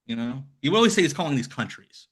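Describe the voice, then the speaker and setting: Bright-voiced man in casual chat. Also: medium pitch, quick pace, breathy edge. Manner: rambling, animated impressions of others. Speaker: podcast guest.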